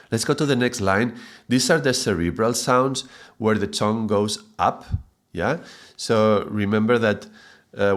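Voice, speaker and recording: A man teaching a mantra chanting lesson, patiently explaining sounds and chanting drawn-out syllables. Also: fairly low pitch.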